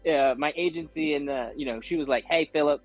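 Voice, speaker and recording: A man's voice: fairly high pitch, a little fast, soft background music. A man, an actor guest, telling a story in a casual interview, acting out other people's lines with lots of fillers. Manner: animated, acts out quoted voices, frequent fillers.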